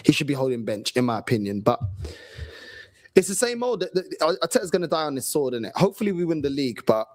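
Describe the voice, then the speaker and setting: A man's voice: on the high side, big pitch swings, fast. A man reviewing a match as a fan, listing his team's problems point by point. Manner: critical, lists problems point by point. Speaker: fan channel co-host.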